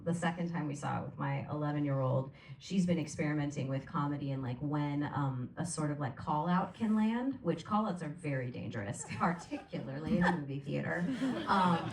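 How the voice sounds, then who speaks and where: A woman's voice: low voice, a little fast. A woman moderating an onstage Q&A, chatty and joking, drifting into anecdotes before asking her questions. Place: theater stage before an audience. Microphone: recorded from the audience, far from the stage. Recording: echoey theater from far off.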